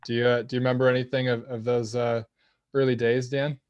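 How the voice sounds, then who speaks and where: Playful co-host with a dry sound. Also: male voice, mid-range voice, level tone, a little mellow, smooth, no room sound, lo-fi sound. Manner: playful, halting with "uh" restarts. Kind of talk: casual podcast chat. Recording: dry close mic.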